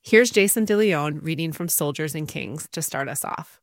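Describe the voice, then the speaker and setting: A radio host introducing a reading in a brisk, matter-of-fact way. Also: medium pitch, lively intonation, dry recording, studio quality. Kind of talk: introducing a segment.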